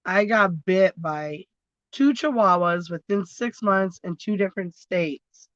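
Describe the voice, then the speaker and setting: A woman's voice: lowish voice, takes it slowly, dry recording. Rambling, swearing woman on a lo-fi phone stream. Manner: rambling, swears freely, laughs often. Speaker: livestream host. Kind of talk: casual livestream chat.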